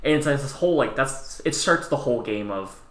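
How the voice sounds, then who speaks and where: A young man co-hosting a casual podcast, talking in an animated way, swearing and slipping into quick quoted voices. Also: mid-range voice, echoey room, a loud crowd. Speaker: podcast co-host. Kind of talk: casual chat.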